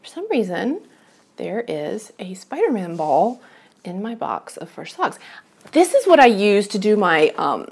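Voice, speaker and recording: A woman talks freely to the camera she is filming herself with at home. Her pitch rises and falls a lot as she rambles from one thing to the next. She pokes fun at herself and laughs often. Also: sing-song, unhurried, darkish tone, slightly rough. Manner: chatty, rambling, self-deprecating, laughs often. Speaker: knitting vlogger. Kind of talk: casual chat to camera.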